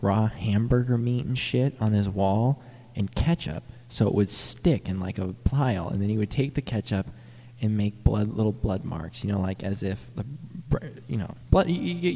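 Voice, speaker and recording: Young man, gravelly voice, swearing, rambling, excited storytelling, long reverb. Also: lowish voice. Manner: rambling, swearing, excited, stumbling over words. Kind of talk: casual profane anecdote.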